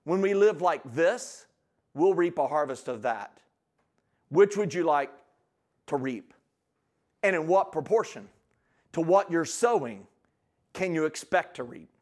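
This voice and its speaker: A man delivers a church sermon with a notably high-pitched voice. His preaching is energetic and emphatic, pressing each point hard and building excitement as he goes. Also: unhurried, long pauses. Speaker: guest preacher.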